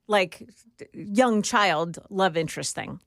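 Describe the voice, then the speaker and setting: Middle-aged female co-host, mid-pitched, dry studio sound, chatty. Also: slow, vocal fry, fairly bright tone, dry recording. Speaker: radio co-host. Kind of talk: casual talk radio banter.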